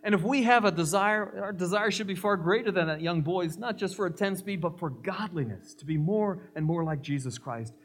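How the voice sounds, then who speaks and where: A man's voice: high-pitched, normal speed, hardly any pauses. A male pastor preaching a sermon, emphatic, mixing scripture with humorous stories.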